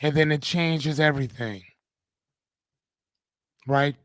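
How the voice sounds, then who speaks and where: Hosting a live-streamed motivational talk, a man speaks slowly in a slightly high, somewhat bright voice with no echo. He stays casual, swears freely and often asks "right?" to check in with listeners.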